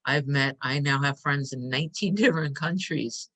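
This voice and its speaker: Woman talking gently and emotionally, leading a meditation on a live stream. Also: a bass voice, normal speed. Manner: soft, emotional, inviting. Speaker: host. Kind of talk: guided meditation talk.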